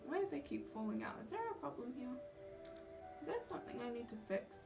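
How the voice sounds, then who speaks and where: Her voice high-pitched, animated, fast and creaky, a young cosplay livestreamer chats casually with her audience. She mocks herself and gets sidetracked easily, and the distant mic also picks up background music.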